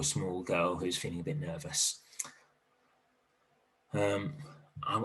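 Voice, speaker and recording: With a low voice and a bit of background noise, a man teaches an online primary literacy lesson. He's gentle and encouraging, thinking out loud while he writes.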